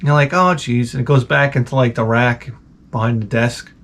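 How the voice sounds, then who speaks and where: A man's voice: mid-range voice, fairly even intonation, brisk. Man ranting in a rambling, profane way. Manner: rambling, profane, self-interrupting storyteller. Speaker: channel host. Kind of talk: casual comedic rant.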